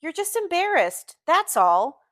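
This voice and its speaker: A woman reading aloud as a blunt, impatient young man who scolds and reassures in a brisk way. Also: very high-pitched, sing-song, a bit bright, no echo, clean studio sound, voice pushed up, full character voice.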